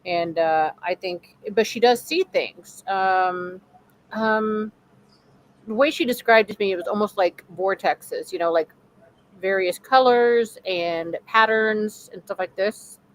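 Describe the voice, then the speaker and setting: A middle-aged woman at a middle pitch chats easily and backs up the others with quick affirmations. She is heard over a video-call mic. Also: low-quality recording. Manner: chatty, supportive with frequent affirmations. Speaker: co-host of paranormal show. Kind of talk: casual conversation.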